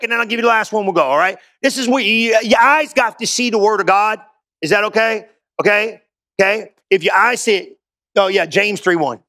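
A man's voice: high voice, bright, forceful tone. A man preaching a sermon as pastor in a casual, slangy style, often asking the crowd questions and answering himself.

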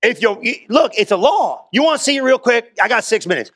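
A man's voice: extremely high pitch, big pitch swings, a little fast, a bit bright. A man preaching a sermon as pastor in a casual, slangy style, often asking the crowd questions and answering himself.

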